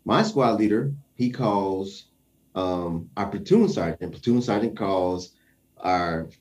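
A man's voice: lowish voice, slow, a little mellow. A young man telling a story in casual conversation, acting out the quoted voices and chuckling often.

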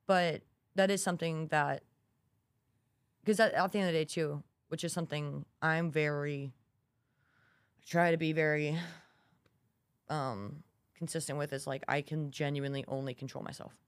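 A woman's voice: sits low, fairly even intonation, moderate pace, long pauses, dry recording, clean studio sound. A young woman who is a college student co-hosting a podcast, chatting casually and acting out the quotes in her stories. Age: young adult. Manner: chatty storyteller, acts out quotes. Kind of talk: casual chat.

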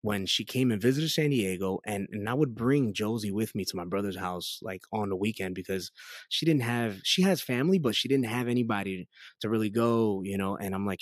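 A man in his thirties gives his testimony as a guest in a casual interview, telling his life story chattily with lots of fillers and lively, acted-out quotes. His voice is on the low side and a little fast, in a dry, studio-quality recording.

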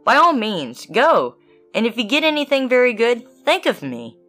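Small trusting mouse, high and fussy, fairy-tale reading; woman putting it on. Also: huge pitch swings, moderate pace, a bit bright, soft background music. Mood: eager. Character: good, trusting little female mouse.

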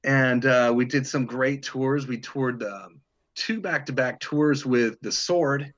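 A man's voice: mid-range voice, takes it slowly, a bit bright, lo-fi sound. A middle-aged man from Detroit, a touring guitarist telling stories in a casual interview, rambling with lots of restarts and the odd swear. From Detroit, Michigan. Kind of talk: casual storytelling chat.

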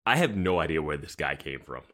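Male podcast co-host, low and lively, easygoing with frequent laughs. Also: fairly quick. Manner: easygoing, laughs often, hedges with "like". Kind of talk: casual chat.

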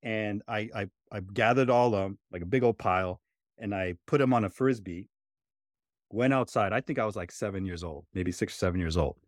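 A man's voice: fairly low pitch, fairly quick, dry recording, studio quality. A man co-hosting a podcast, telling a childhood story in a reflective, casual way, full of "right?" and "you know". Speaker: podcast co-host.

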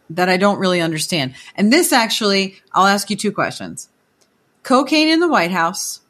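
A woman, co-hosting a casual political chat and telling lively stories. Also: mid-range voice. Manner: animated storytelling, acts out others' voices in quoted bits.

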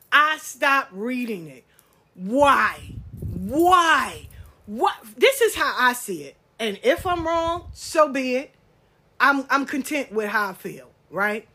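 A middle-aged woman, hosting a podcast in a blunt, animated casual monologue and swearing freely. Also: high-pitched, breathy edge. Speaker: podcast host.

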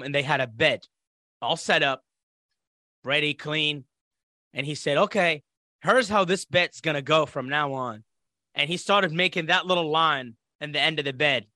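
Man from iraq, interview guest, bright tense voice, dry close sound, animated storytelling. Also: on the high side, no room sound. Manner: animated, acts out quoted voices. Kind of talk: casual storytelling.

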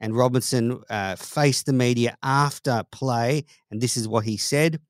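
A man hosting a daily cricket podcast, presenting the news in a clear, steady delivery. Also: medium pitch, unhurried, dry recording, clean studio sound. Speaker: host.

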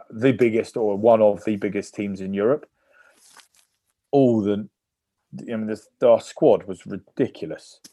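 A man with a fairly low voice speaks in a casual podcast interview. He tells his stories in a lively, anecdotal way. The sound is dry and close, with no room around it. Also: no room sound. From England. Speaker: guest, former rugby player.

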